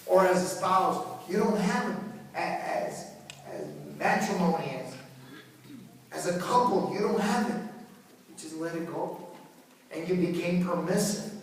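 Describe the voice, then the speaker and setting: Priest preaching in an echoey hall. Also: male voice, high voice, measured pace, pauses often, a little hiss or hum. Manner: animated, repetitive, joking storyteller. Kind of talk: sermon. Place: church. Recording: echoey hall, far from mic.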